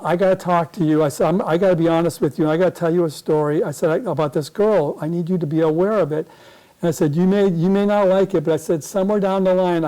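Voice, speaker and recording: A man's voice: a little high, mellow, rough recording. A man speaking as a guest at a club meeting, telling a long personal story in a rambling way that often corrects itself.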